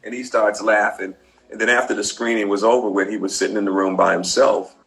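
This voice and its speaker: A middle-aged filmmaker, appearing as an interview guest, tells stories animatedly in a lowish, fairly quick voice and acts out the quotes. Soft music plays in the background, and the audio is poor.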